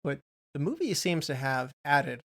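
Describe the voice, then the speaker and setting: A man's voice: a little high, big pitch swings, a little slow, creaky, a bit bright. A man co-hosting a film podcast, chatting casually and reading out trivia in a rambling way. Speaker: podcast co-host.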